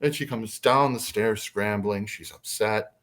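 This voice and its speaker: A man telling a personal story as a podcast guest, casual and animated. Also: on the low side, unhurried. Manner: animated, acts out quotes.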